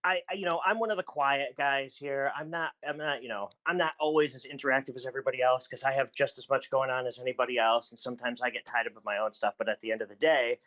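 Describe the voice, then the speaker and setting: A man's voice: mid-range voice, steady tone, fast, few pauses, fairly bright tone. A man telling a long story in a casual group podcast chat, rambling and restarting as he goes. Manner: rambling, self-interrupting storyteller.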